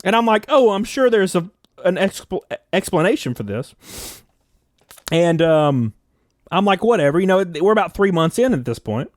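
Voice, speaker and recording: A man's voice: high voice, moderate pace, long pauses, no room sound, studio quality. A young man telling relationship stories in a casual, profane and jokey way on a live stream. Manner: animated, profane, jokey storytelling. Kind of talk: casual storytelling to camera.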